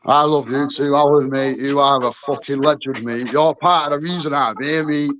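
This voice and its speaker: A man's voice: medium pitch, steady tone, moderate pace, a bit bright. A man from England arguing heatedly on a livestream call, swearing often and calling everyone "mate". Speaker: livestream guest. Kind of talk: heated casual argument. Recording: muffled lo-fi call audio.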